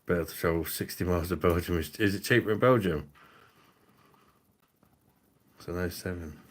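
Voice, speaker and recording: A man's voice: deep voice, quick pace. A man, hosting a drinks review livestream in a rambling, profane, laughing way. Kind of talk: casual livestream chat.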